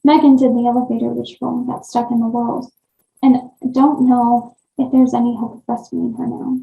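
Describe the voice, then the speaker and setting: A woman narrating creepy first-person stories in a steady storytelling read. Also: fairly high pitch, moderate pace, creaky, faint music behind. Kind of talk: reading creepy stories aloud. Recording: echoey dull lo-fi room.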